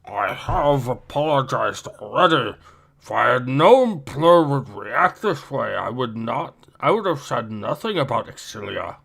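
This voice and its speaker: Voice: mid-range voice, sing-song, a little slow, vocal fry, a bit bright, slightly rough, pitched below the performer's own voice, heavily acted. A reader voicing an earnest, apologetic alien pilot in a comic read-aloud.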